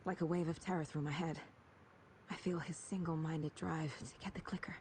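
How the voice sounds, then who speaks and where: A lowish female voice in a game scene a troubled investigator thinking aloud. She sounds tense and shaken, with faint noise under the audio. The delivery is inward and uneasy. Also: steady tone, normal speed, a little mellow. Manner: tense inner monologue, shaken. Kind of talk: video game voice acting.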